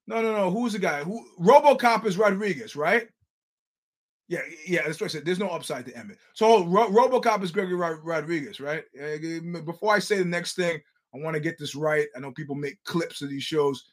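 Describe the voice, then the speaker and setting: A middle-aged man hosting a casual chat, telling stories in an animated, profane way and acting out what people said. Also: high-pitched, normal speed. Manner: animated storyteller, swears, acts out quotes. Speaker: podcast host. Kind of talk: casual fight-talk chat.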